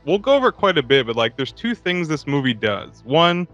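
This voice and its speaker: A man's voice: on the high side, very animated, a little fast, fairly bright tone, soft background music. A man co-hosting a movie podcast, joking and laid-back, swearing casually. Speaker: podcast co-host.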